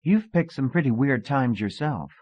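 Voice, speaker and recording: A man's voice: mid-range voice, expressive, normal speed, darkish tone, no room sound, voice pushed up, natural voice. A man reading an audiobook voices a frank, teasing young woman in a lightly raised voice, on a dull lo-fi cassette recording.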